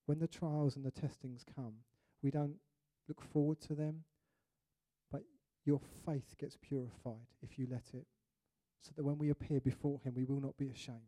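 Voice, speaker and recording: A man preaching a sermon in an animated way, acting out little scenes and voices. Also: medium pitch, normal speed.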